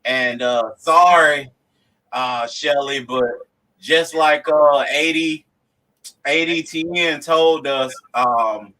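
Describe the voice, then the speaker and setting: A man's voice: a little high, very slow, bright, forceful tone, poor audio. A man co-hosting a casual sports talk show, easygoing with a drawl. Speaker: co-host.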